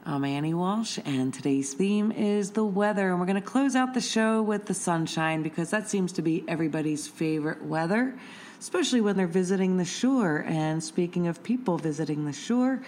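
A woman's voice: lowish voice, animated, normal speed, a little mellow. A woman hosting a radio show, chatting in a friendly, teasing way with a guest in the studio. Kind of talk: casual on-air chat.

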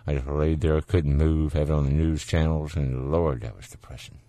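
Deep-voiced folksy Southern radio host. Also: male voice, fairly even intonation, moderate pace, dark tone, dry recording. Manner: folksy, laid-back, chuckling. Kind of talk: casual call-in radio chat.

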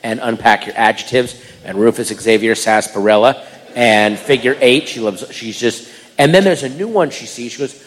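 A man doing stand-up, telling a family story and switching into loud voices for the people in it. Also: medium pitch, moderate pace, long reverb tail. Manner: animated, breaks into loud voices for others. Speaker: stand-up comedian.

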